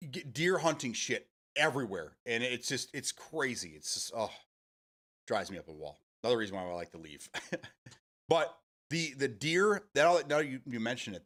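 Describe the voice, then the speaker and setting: A man's voice: mid-range voice, sharp tone. Rambling, foul-mouthed male streamer. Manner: rambling, swears freely, answers chat. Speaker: live stream host. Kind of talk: casual chat with stream viewers.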